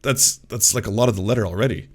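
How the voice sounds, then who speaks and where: A man's voice: fairly low pitch, fast talker. A man talking casually as a streamer, commenting sarcastically on what he reads aloud, swearing and mocking it.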